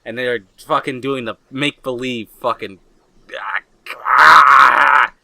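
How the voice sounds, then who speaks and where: A young man co-hosting a podcast in casual chat, rambling excitably and swearing a lot. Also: mid-range voice, moderate pace, dry recording. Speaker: podcast co-host.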